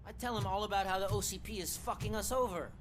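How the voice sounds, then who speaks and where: An actor playing a mouthy young male beat cop who teases in a fast way. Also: high voice, a bit bright, faint music behind. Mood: teasing. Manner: teasing, fast.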